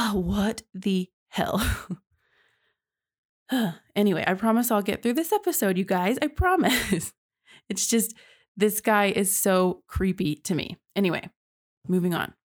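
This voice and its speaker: A woman's voice: medium pitch, lively intonation, a little slow, long pauses. A young woman hosting a true crime podcast, telling the case in a chatty, casual way and reacting with disbelief. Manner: chatty, reacts with sighs and laughs, says y'all.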